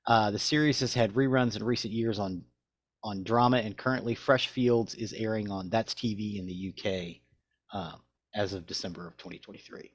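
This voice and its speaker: A podcast co-host with a somewhat low male voice reads his notes aloud and then drifts into loose chat. He is recorded close to the mic in a dry room with no echo. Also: normal speed. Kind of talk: reading show notes and casual chat.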